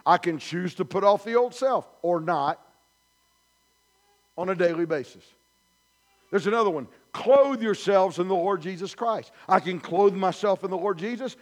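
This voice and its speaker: A male pastor preaching a sermon in a church, emphatic and repetitive, building his points through repeated declarations. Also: sits high. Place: church sanctuary.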